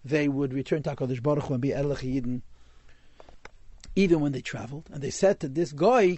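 A man's voice: medium pitch, fairly quick, dark tone, no room sound. A man telling a Hasidic story in a class, mixing in Yiddish and Hebrew words.

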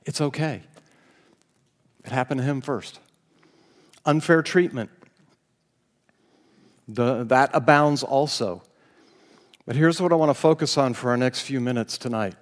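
In this clip the male pastor preaches with a mid-range voice and a measured pace, pausing often. He spins stories, jokes at his own expense and laughs from time to time, with long hall reverb in the recording.

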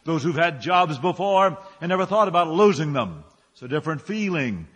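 A man's voice: fairly high pitch, very animated, moderate pace, fairly bright tone, husky, long reverb tail. A male pastor preaching a sermon, firing rhetorical questions and building his phrases up with emphasis.

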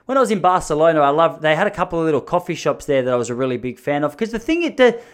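A man's voice: fairly high pitch, animated, very fast, clean tone. An Australian man from Melbourne giving a rambling, self-mocking comedic monologue, blunt and sprinkled with swearing.

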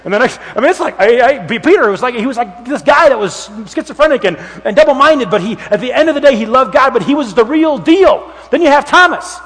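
A man preaching a sermon as pastor, animated and acting out the voices of the people in his stories. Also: extremely high pitch, fast, hardly any pauses. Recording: long hall reverb.

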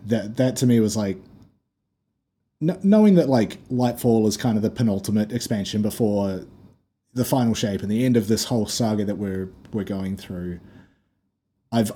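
Podcast co-host, male, low husky voice, rambling casual delivery. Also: warm tone. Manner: loose, rambling, many fillers and restarts. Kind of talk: casual chat about a video game.

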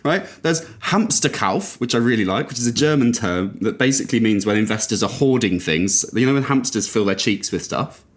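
A man co-hosting a podcast, going off on an exasperated rant. His voice sits low, and he breaks into incredulous laughs while he argues his point. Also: expressive, a little fast, few pauses. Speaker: podcast co-host. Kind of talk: casual chat.

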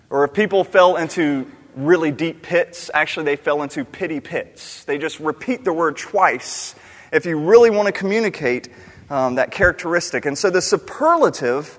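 A man's voice: fairly high pitch, lively intonation, moderate pace. A man preaching a sermon in an earnest, questioning way, repeating key words for emphasis. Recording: long reverb of a large hall.

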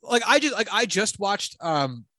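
A man talking casually about a film, animated and rambling, swearing offhand. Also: high voice, moderate pace, no echo, studio quality. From New Jersey. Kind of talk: casual film review chat.

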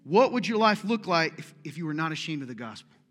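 A man's voice: a little high, big pitch swings, fast talker, a bit bright, soft background music. A man preaching a sermon to a congregation, talking casually, cracking jokes and firing pointed questions at the room. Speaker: pastor. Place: large church hall.

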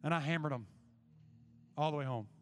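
A man's voice: a little high, brisk, soft background music. A young man preaching a sermon to students, telling a personal story and then making an urgent appeal. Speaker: youth preacher.

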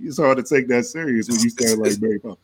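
A man co-hosting a podcast in casual chat, making joking, low-key asides and teasing. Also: fast, a loud crowd. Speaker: podcast co-host.

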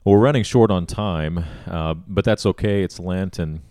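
A man's voice: sits low, moderate pace, dark tone, dry recording. A man hosting a church podcast, politely asking short questions and reading Bible verses aloud. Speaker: podcast host.

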